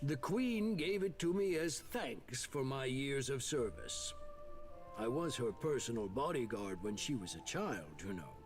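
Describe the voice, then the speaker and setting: An actor playing a jovial, portly middle-aged noble and former royal bodyguard, speaking in a booming, theatrical storyteller's manner. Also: male voice, very animated, a little slow, soft background music. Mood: boastful. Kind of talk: video game voice acting.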